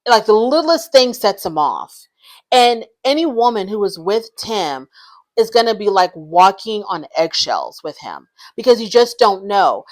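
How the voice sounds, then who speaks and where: A woman giving casual, opinionated commentary on a reality show, frank and blunt. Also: medium pitch.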